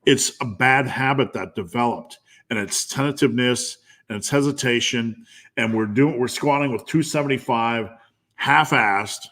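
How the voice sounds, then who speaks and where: A man's voice: mid-range voice, moderate pace, fairly bright tone. A man coaching strength training in a live Q&A, blunt and profane, getting fired up as he drives his point home with repetition.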